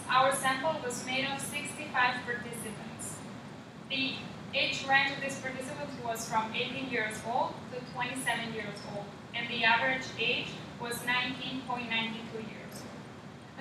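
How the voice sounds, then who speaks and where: A young woman, a student, practicing a class presentation and methodically reading out figures and lists. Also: high voice. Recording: echoey room, mic far off, background noise.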